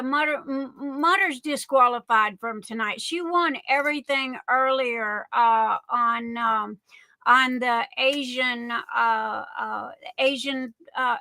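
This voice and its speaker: A woman hosts a relaxed livestream in an unhurried, chatty way, warmly greeting each viewer by name and calling them darling. Her voice sits high and bright, and the recording is dry and close with little room sound. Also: no room sound, poor audio. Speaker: livestream host. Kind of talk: casual livestream chat.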